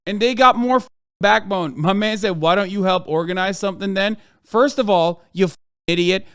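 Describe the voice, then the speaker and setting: A man's voice: high voice, moderate pace, a bit bright, clean tone, no echo, clean studio sound. An American man streaming a reaction to the news, ranting in an exasperated, profane way. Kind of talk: livestream reaction commentary.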